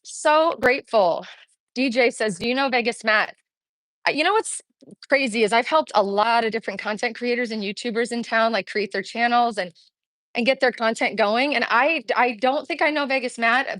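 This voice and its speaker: A middle-aged woman talks upbeat and chatty into a phone held as she walks a street outdoors. Her voice sits a bit high and sounds close and dry. She is slightly out of breath. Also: fairly bright tone, no room sound, poor audio. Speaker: vlogger streaming live. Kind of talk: casual walking livestream chat. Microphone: phone held while walking.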